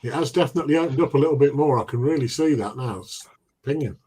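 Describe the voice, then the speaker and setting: A man's voice: medium pitch, fast talker, mellow, husky. A man chatting on a live stream, teasing and laughing often. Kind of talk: casual banter.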